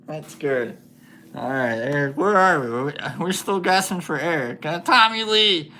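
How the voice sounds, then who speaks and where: A man's voice: on the high side, unhurried, pushed and bright, a little hiss or hum. A man hosting a casual livestream, chatting with viewers while he paints, laughing often and thinking aloud with many fillers. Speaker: livestream host.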